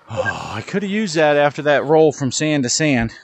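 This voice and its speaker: A man's voice: fairly high pitch, big pitch swings, moderate pace, a little hiss or hum. A middle-aged man giving casual, self-deprecating commentary while playing a VR golf game, talking to his ball as he plays. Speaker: gaming channel host.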